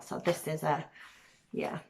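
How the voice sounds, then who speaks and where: A woman from Manchester with a softened Mancunian accent, chatting casually to camera as a vlogger, rambling with ums and laughs. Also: unhurried, a little hiss or hum. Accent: weakened Mancunian, softened by years in Cornwall. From Manchester, England.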